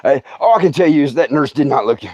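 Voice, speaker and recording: A man's voice: a little high, expressive, fast talker, darkish tone, dry recording, highs cut off. A middle-aged man telling a comic story on a livestream, stammering, laughing often and putting on voices. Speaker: comedian. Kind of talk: storytelling stand-up.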